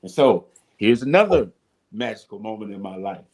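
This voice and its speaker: Man spinning animated stories. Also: fairly low pitch, moderate pace. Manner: animated, swears casually, acts out voices. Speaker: guest, former football player. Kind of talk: casual storytelling.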